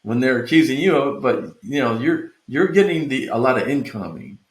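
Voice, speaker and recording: A man hosting an interview show, asking his guest questions in a halting way with many restarts. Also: medium pitch, animated. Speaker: show host. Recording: echoey room.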